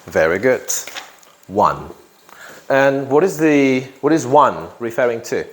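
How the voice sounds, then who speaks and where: A man's voice: medium pitch, very animated, slow. A man teaching an English grammar lesson to a class, who repeats key phrases and often checks in with "yeah?".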